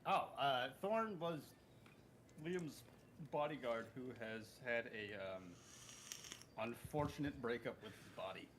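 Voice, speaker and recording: A mid-pitched man playing a tabletop game, a little drunk and slurring slightly. He rambles and corrects himself as he recaps. A faint hiss sits behind him. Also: lively intonation, a little slow. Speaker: player. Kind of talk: casual tabletop game chat.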